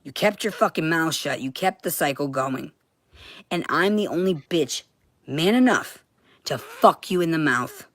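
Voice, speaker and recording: A woman talking to camera in a heated, profane monologue that keeps bursting into shouting. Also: low voice, lively intonation, measured pace, dry recording, studio quality.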